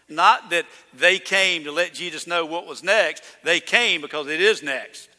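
A high-voiced man preaches with a bright, ringing edge to his tone. He talks emphatically and builds to loud, declaring peaks. His voice carries a long reverb from a church sanctuary. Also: normal speed, few pauses. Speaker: pastor. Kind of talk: sermon.

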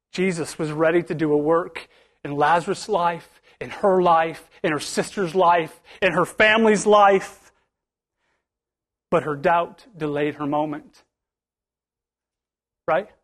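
Fiery, high-voiced preacher, emphatic bursts. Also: male voice, a bit bright. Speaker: pastor. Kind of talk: sermon. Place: church.

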